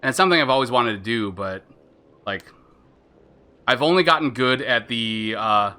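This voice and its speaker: Bright-voiced, chatty male streamer. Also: medium pitch, expressive, moderate pace, clear, resonant tone. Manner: rambling, chatty, lots of fillers and self-interruptions. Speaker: gaming streamer. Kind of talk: casual live-stream commentary.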